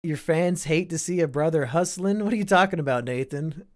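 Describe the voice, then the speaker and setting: A man's voice: on the high side, fairly quick. A young man from Iowa hosting a casual live stream, reading and answering chat with sardonic, profane banter.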